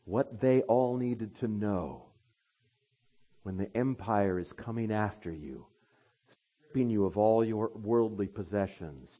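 A pastor delivering an impassioned sermon, his voice swinging between soft and loud. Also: on the low side.

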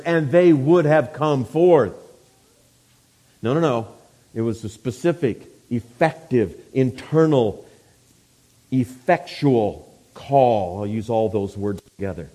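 A man preaching a sermon, swinging from hushed, quiet passages to loud, forceful declarations. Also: mid-range voice, lively intonation, slow pace.

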